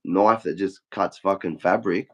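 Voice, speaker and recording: A man's voice: deep voice, unhurried, dull audio. A young Australian man casually telling a story, swearing often and acting out what everyone said. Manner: swears a lot, acts out quotes in a flat retelling. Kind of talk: casual chat.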